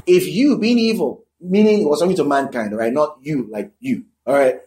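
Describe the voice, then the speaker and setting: A man with a notably high voice preaches a sermon. He talks emphatically, repeats key lines for effect, and keeps checking in with his listeners between points. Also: moderate pace, dark tone, a little hiss or hum. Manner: conversational asides to the listeners.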